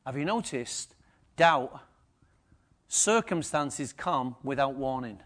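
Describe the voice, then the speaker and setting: A man preaching a lively sermon to a congregation, acting out the story's characters. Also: mid-range voice, slow.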